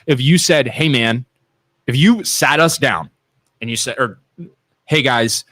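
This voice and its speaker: A man from Ohio co-hosting a live call-in show, goofy and teasing, with a habit of cutting in on his partner. His voice sits at an ordinary middle pitch, and the mic sound is close and dry, with no room around it. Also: measured pace, bright, forceful tone, dry recording. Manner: goofy, teasing, talks over his co-host. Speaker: podcast co-host. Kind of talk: casual radio talk show banter.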